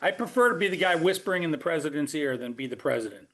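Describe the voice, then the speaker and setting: Higher-voiced man musing on a podcast. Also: animated, fast, a bit bright. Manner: musing and joking, thinks aloud. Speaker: co-host. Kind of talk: casual podcast discussion.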